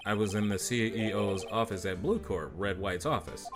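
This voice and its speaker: A man's voice: lowish voice, moderate pace, over music, natural voice. A man voicing an earnest, flustered young defense lawyer in a fan dub of a game, with wry asides. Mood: probing.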